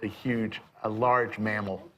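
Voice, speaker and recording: A man's voice: fairly low pitch, flat delivery, takes it slowly, background noise. An older man, a poker player, telling easygoing stories at the table during a live stream.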